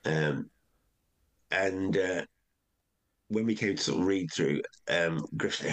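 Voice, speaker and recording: Deep-voiced older man telling anecdotes. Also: unhurried, long pauses. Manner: rambling, with many restarts and acted quotes. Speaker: comedian guest. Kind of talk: relaxed anecdotal chat.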